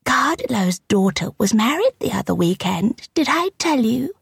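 A woman's voice: on the high side, very animated, moderate pace, creaky, husky, no room sound, studio quality, voice pushed up, full character voice. A woman reading an audiobook voices a sly, spiteful elderly woman with a tiny, kittenish voice and a gossipy, catty manner.

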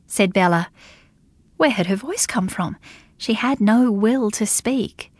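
A woman reading a story aloud as an audiobook narrator, in an even, measured way. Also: medium pitch, no echo. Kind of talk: scripted narration.

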